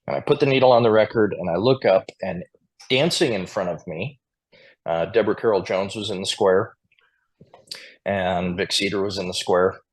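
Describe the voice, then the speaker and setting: A square dance caller from Montana, USA, appears as a podcast guest, telling chatty stories and chuckling now and then. His voice sits low and is slightly rough, with a moderate pace.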